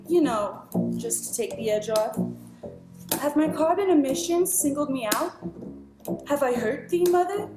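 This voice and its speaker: A woman performing poetry in a slow, theatrical, savoring delivery, recorded through earbuds. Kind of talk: poetry performance over bass. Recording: echoey room with loud bass music. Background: live bass guitar.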